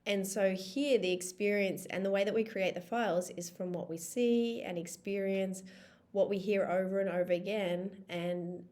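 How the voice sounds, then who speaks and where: A woman's voice: medium pitch, darkish tone. A woman in her thirties, a life coach, talking in a casual, emphatic vlog style with the odd swear word.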